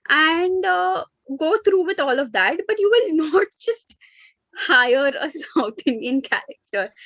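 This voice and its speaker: Woman podcaster going off about casting, kinda high voice, dull dry lo-fi sound. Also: dry recording. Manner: animated, indignant ranting with Hindi asides. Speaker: podcast co-host. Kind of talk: casual chat.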